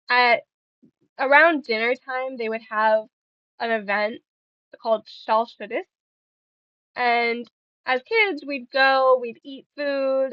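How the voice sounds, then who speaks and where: A woman's voice: fairly high pitch, no room sound, lo-fi sound. A young woman streaming and chatting casually with viewers, playful and giggly, rambling between stories.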